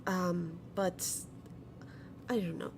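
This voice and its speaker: A woman voicing a sweet, gentle old goblin grandmother with a soft voice. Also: fairly low pitch, steady tone, takes it slowly, slight background noise.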